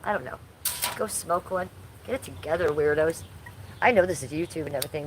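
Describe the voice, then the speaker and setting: A woman's voice: low voice, a little fast, background noise. A woman in her forties hosting a casual livestream from home, chatting bluntly and crudely while reading chat aloud. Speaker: livestream host.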